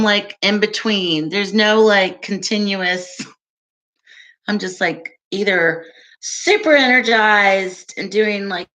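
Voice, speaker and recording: A woman's voice: medium pitch, a bit bright. A woman hosting a casual livestream, chatting with viewers, laughing often and answering their comments. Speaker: livestream host.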